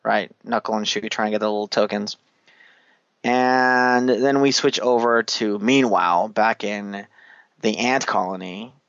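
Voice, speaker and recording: A man hosting a casual chat, retelling scenes with animated energy, acting out lines and swearing casually, on a dull, dry recording. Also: fairly low pitch, a little slow, dry recording. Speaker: podcast host recapping an anime.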